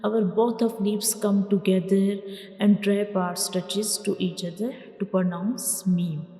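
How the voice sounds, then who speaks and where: Female tutor, very slow and mellow delivery, patient, echoey room with long tail and faint music underneath. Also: medium pitch, fairly even intonation. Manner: patient, repeats each letter sound loudly for learners. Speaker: Quran reading teacher. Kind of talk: slow step-by-step letter lesson.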